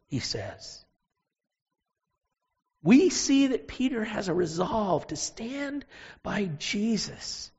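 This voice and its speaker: A preacher giving a sermon, telling a Bible story with emphatic, animated delivery and pauses. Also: mid-range voice, husky, muffled recording.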